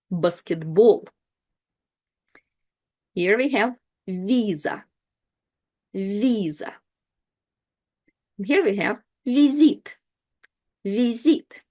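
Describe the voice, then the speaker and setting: A woman teaching pronunciation, saying each word slowly and then repeating it. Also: lowish voice, warm tone. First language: Russian. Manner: repeats each word twice, slow and deliberate. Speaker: language teacher. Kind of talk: slow, clear pronunciation lesson.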